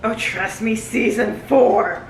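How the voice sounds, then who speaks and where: Woman, high voice, excitable reaction vlog, chatting to the screen, roomy echo. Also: takes it slowly, slight background noise. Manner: excitable, talks back to the screen, laughs often. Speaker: book reviewer reacting to a series. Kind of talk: casual reaction and review.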